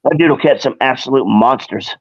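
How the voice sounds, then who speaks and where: A man's voice: medium pitch, brisk, slightly rough, dull audio. A man co-hosting a live stream in a rambling, casual way, with many restarts. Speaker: co-host.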